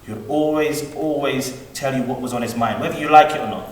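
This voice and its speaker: A man's voice: mid-range voice, brisk. A man giving a rambling, heartfelt eulogy for his uncle, heard from a distance at a funeral service. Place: large hall at a funeral service. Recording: echoey hall, heard from afar, faint room noise.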